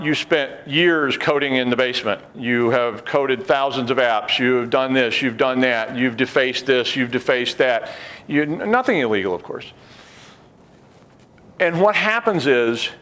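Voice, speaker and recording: Animated man giving a conference talk. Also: medium pitch. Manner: animated storyteller acting out quoted people; wry joking asides. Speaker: conference speaker.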